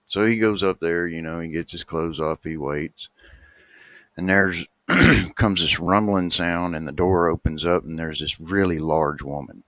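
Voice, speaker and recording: A man telling a long folksy joke, acting out the characters' voices and climbing to a high squeal at the punchlines. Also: a bit bright, no room sound.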